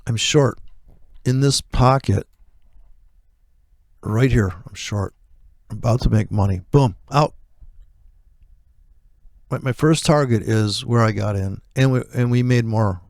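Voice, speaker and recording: A man's voice: medium pitch, a little slow, gravelly, long pauses, darkish tone, no echo, clean studio sound. A man giving blunt, profane commentary on his live trades, rambling through asides.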